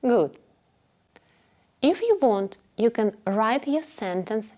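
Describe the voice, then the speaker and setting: A woman teaching a beginner class at a very slow, careful pace, her pitch rising and falling in a lively, sing-song way. She speaks clearly and patiently and repeats each phrase so learners can say it with her. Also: a little hiss or hum. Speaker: English teacher. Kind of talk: slow instructional narration.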